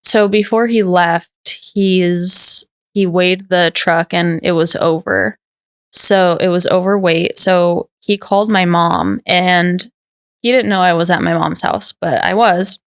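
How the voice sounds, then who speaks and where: A woman telling a personal story as a podcast guest, her voice smooth and resonant. She talks candidly and loosely, leaning on "like" fillers, and the sound is close and dry. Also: fairly low pitch, slow pace, no echo. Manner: candid, rambling, heavy use of "like" fillers.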